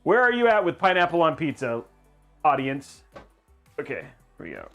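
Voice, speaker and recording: A male streamer chats casually and playfully with his audience, often mocking himself. His pitch bounces around a lot, and faint music plays underneath. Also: huge pitch swings, moderate pace, a bit bright, muffled recording. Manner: rambling, playful, self-mocking. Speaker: livestream host. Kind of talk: casual livestream chat.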